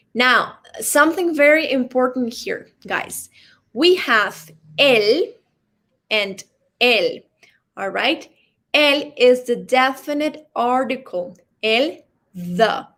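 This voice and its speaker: A woman teaching an online language class. She talks slowly, in a slightly high voice. She keeps pausing to ask "okay?" as she explains. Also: fairly bright tone. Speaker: Spanish teacher.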